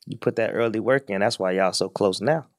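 A man's voice: fairly low pitch, a little fast, no room sound, studio quality. A man co-hosting a podcast, chatting casually and encouraging the host with short replies. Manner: laid-back, encouraging listener with brief backchannels.

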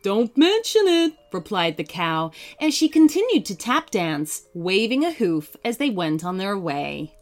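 A woman narrating a children's bedtime story gently, putting on voices for the characters. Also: lowish voice, very animated, measured pace, few pauses. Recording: faint music behind.

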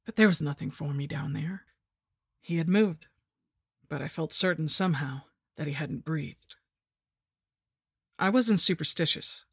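A woman narrating a first-person gothic horror story in a measured, dramatic storytelling manner. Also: sits low, gravelly, slightly rough, no room sound, clean studio sound.

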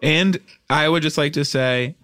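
A man's voice: fairly high pitch, measured pace, a bit bright, dry recording, studio quality. A man co-hosting a comedy podcast, speaking with mock-sincere earnestness. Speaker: podcast co-host. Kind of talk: improvised comedy podcast banter.

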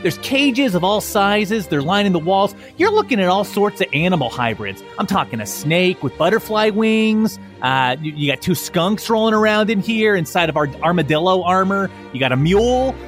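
A man's voice: high-pitched, sing-song, normal speed, few pauses, fairly bright tone, faint music behind. A man narrating a tabletop game as game master, describing scenes in a playful, vivid way.

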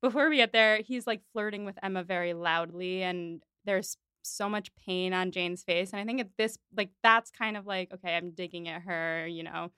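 A woman hosts a podcast in a relaxed, chatty way, slipping into little voices for the characters she quotes. Her voice is smooth and resonant, and it sounds dry and close to the mic. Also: mid-range voice, moderate pace, hardly any pauses, dry recording. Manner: animated, acts out quoted lines. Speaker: podcast host. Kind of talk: casual chat about a TV adaptation.

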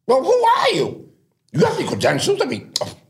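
A man mimicking a booming, flamboyant fashion grandee. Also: huge pitch swings, normal speed, creaky, heavily acted. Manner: high swooping theatrical exclamations.

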